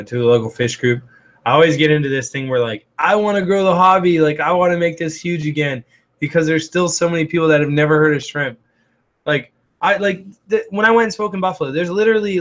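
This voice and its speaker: A raspy-voiced man hosts a loose livestream at an average male pitch. He rambles through his thoughts, filling the gaps with "um" and "like", and answers viewer comments as they come in. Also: a bit bright. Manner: rambling, heavy on "um" and "like". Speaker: livestream host. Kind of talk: casual livestream chat.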